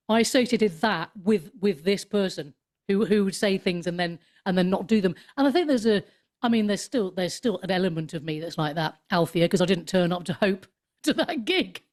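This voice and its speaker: A woman in her fifties, a comedian and author, chatting in an interview in a rambling, animated way with many restarts. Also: mid-range voice. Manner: animated storyteller, swoops up into mock voices. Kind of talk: casual interview chat.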